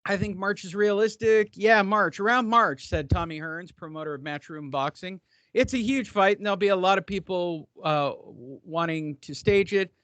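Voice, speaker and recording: A man's voice: high-pitched, moderate pace, fairly bright tone, dry recording. A man hosting a casual boxing podcast, sarcastic and profane, stretching words for emphasis.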